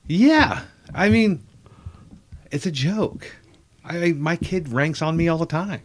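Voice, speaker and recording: A man's voice: on the high side, expressive, takes it slowly. Middle-aged man spinning rambling anecdotes. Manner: rambling, self-deprecating anecdotes, acting out quotes. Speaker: comedian guest. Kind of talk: casual storytelling chat.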